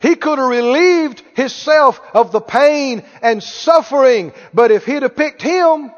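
A male pastor preaching a sermon, animated, putting questions to the congregation and drawing responses. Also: extremely high pitch, unhurried. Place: church sanctuary. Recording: muffled, reverberant church hall.

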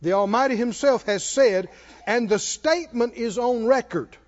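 A man's voice: extremely high pitch, normal speed. A man preaching a sermon to a congregation, repeating phrases for emphasis and prompting them to answer back. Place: church hall with congregation. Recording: reverberant hall, dull lo-fi sound.

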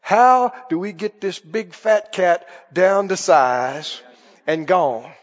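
A man's voice: high voice, sing-song, slow. A man preaching a sermon with emphatic call-and-response questions to his congregation. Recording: dull, echoey hall sound.

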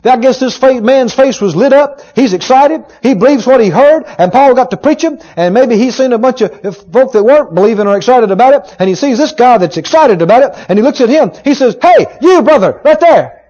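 A man preaching a sermon, retelling a story with emphatic, dramatic rising shouts. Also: very high-pitched, expressive, fairly quick, few pauses. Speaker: pastor. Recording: dull lo-fi sermon recording.

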